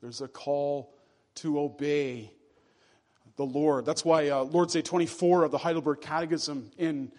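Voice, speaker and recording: In a fairly high voice with a darkish tone and fairly even intonation, a pastor preaches earnestly and deliberately. He brings his pace down and sinks his voice low on each key phrase to make it land.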